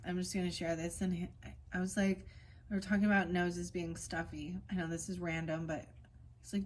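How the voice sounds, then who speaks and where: A woman reading oracle cards in a casual spiritual vlog, switching between slow, gentle card readings and rambling chatty asides. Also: lowish voice, flat delivery, slight background noise. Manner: reads card meanings in a soft, slow cadence.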